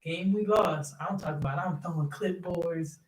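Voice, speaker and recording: A man's voice: on the high side, moderate pace. A young man chats animatedly about coaching kids, laughing often and leaning on fillers. He sits some distance from the mic. His voice carries a noticeable room echo. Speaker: youth basketball coach and third-grade teacher. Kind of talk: casual interview chat. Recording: roomy sound from off-mic.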